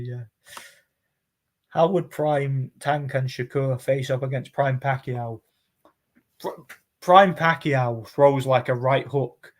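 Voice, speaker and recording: A man, hosting a casual live chat, rambling and mocking, laughing often between remarks. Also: medium pitch. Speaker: channel host reading chat comments.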